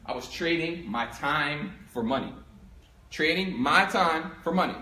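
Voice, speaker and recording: A young man from Philadelphia giving a storytelling talk to a live audience, animated and acting out both sides of his story. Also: on the high side, a little slow, slight background noise. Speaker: speaker giving a talk on income. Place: room with an audience. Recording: echoey room.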